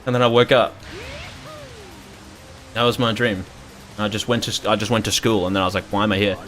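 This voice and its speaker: A man's voice: on the low side, steady tone, fairly quick, fairly bright tone, faint music behind. A young Australian man in his twenties chatting casually and rambling while streaming a game, joking and swearing often. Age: 20s. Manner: rambling, profane, jokey.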